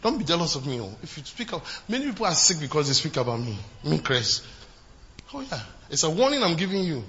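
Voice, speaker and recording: A man preaching a sermon as pastor, swinging from shouted exclamations to low, quiet asides. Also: sing-song, brisk, muffled recording, slight background noise.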